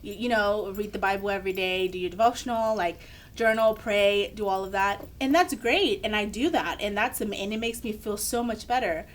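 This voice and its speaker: A woman's voice: mid-range voice, normal speed. A young woman, a podcast co-host, telling a candid personal story in casual chat and acting out the people she quotes.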